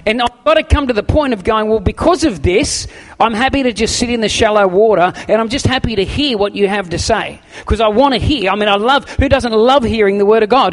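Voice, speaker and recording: A middle-aged pastor preaching a sermon, animated and acting out quotes, often restarting his words. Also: very high voice. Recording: long hall reverb.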